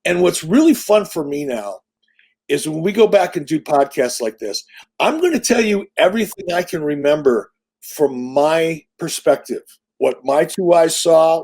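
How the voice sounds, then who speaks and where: A middle-aged man tells a story in a casual interview, with a voice pitched a little high. He talks in an animated, profane, salesman-like way, full of confidence. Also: moderate pace, breathy edge. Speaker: interview guest.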